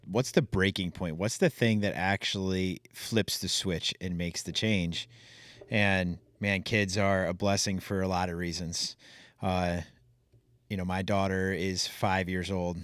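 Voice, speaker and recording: Smooth-voiced man hosting a podcast. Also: on the low side, dry recording, studio quality. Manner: relaxed, anecdotal, laughs while telling stories. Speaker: podcast host. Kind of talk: casual conversational chat.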